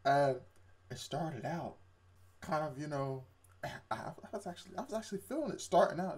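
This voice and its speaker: A man's voice: a little high, normal speed, breathy edge. Young man animatedly retelling an anime. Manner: animated storytelling with quoted voices and laughs. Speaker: co-host reviewing anime. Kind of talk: casual chat.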